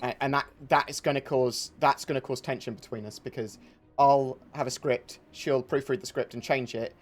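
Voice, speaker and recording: A man's voice: medium pitch, steady tone, normal speed. A man hosting a casual livestream chat, talking in rambling, self-interrupting bursts. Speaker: livestream host.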